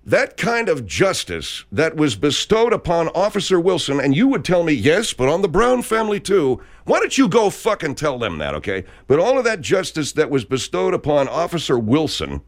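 A man's voice: a little high, huge pitch swings, normal speed, few pauses. A man delivering an angry, profane rant full of sarcastic jabs and constant swearing.

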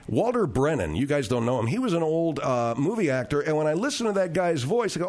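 A man's voice: a little high, very animated, fairly quick, darkish tone. A man hosting a radio talk show, telling rambling, digressive stories with frequent restarts.

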